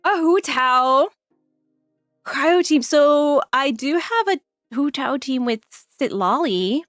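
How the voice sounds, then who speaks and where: A woman's voice: high voice, animated, takes it slowly, a bit bright, no room sound, studio quality, faint music behind. A woman streamer chatting casually on a live stream, giggling often and rambling through plenty of fillers.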